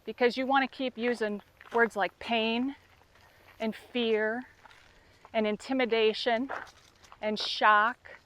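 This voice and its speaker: A woman's voice: fairly high pitch, steady tone, slow pace, long pauses, a bit bright. A woman dog trainer making a direct, impassioned appeal to the camera, openly emotional as she speaks.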